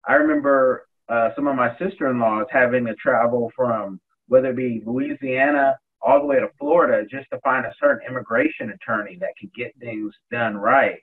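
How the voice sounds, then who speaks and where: A man hosting a podcast interview, giving encouraging advice to his guest in a husky voice. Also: medium pitch, animated, normal speed, few pauses. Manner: advising, encouraging. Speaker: podcast host. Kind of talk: casual interview. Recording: tinny phone-like line.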